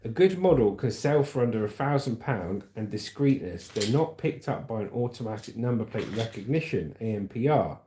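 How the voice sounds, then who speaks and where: A man with a southern English accent reads news stories aloud and keeps breaking off to chat casually with his viewers. His voice sits at a middle pitch. The sound carries the echo of a roomy space. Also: lively intonation, moderate pace, hardly any pauses, warm tone, slight background noise. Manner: casual, chatty asides, calls viewers mate. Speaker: livestream host.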